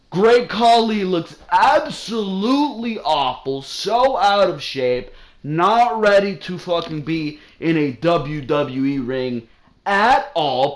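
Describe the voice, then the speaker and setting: A man recapping a wrestling show in a loose, profane rant. His voice sits somewhat high, and he sounds fed up and sarcastic throughout.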